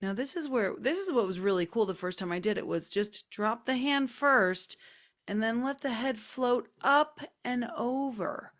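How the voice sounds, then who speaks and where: A woman hosting a group video call, chatty and gently coaxing as she guides a neck stretch with soft, drawn-out cues. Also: fairly high pitch, lively intonation. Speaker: host leading a group session. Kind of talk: casual guided stretching instruction. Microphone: computer mic on a video call.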